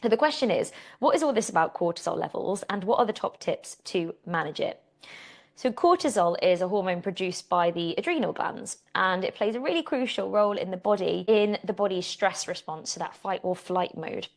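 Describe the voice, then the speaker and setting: A British woman in a relaxed podcast chat, her voice sitting at an ordinary middle pitch. She talks in a chatty, animated way, like a fitness coach catching up with her listeners. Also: a little fast. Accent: British English. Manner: chatty, animated storytelling with laughs.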